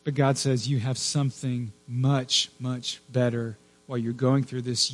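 A man preaching a sermon in an earnest, emphatic way, dropping to a hush at times. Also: mid-range voice, level tone. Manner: earnest, emphatic with hushed pauses. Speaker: pastor.

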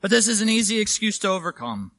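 A man's voice: high voice, big pitch swings, fast talker, a bit bright, no room sound. A man preaching a sermon in a church, conversational and emphatic, often checking in with the congregation. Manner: conversational and emphatic, asks "right?".

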